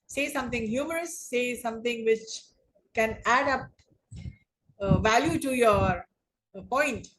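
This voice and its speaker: Slow, deliberate female English lecturer. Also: on the high side, poor audio. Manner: slow, deliberate, repeats and rephrases points. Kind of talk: online class lecture on debating.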